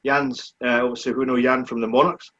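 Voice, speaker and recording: A Scottish man in his forties talks back over his racing years in a relaxed, plain-spoken way. His voice is husky and sits at a middle pitch. The sound is dull and muffled, like lo-fi stream audio. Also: a little fast. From Scotland. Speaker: guest, speedway rider. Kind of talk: live online chat.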